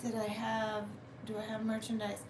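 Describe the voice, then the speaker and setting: A woman with a fairly high, monotone voice vlogs casually from home indoors on her phone camera, chatty and a bit foul-mouthed. She swears and complains at length. The audio is reverberant, with slight background noise.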